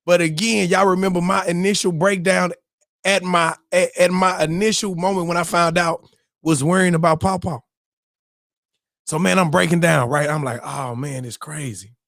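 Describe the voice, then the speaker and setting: A man's voice: high-pitched, steady tone, moderate pace, creaky, fairly bright tone, no room sound, studio quality. A young man hosting a morning show, telling a heartfelt family story through tears and calling his viewers "y'all". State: tearing up. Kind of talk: emotional personal storytelling.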